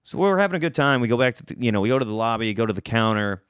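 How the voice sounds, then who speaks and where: A young man spins a comic tale as a podcast host, his pitch bouncing high and low as he goes. He rambles, restarts and swears freely. The sound is dry and close. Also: expressive, racing, clear, resonant tone, no room sound. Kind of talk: casual comedic storytelling.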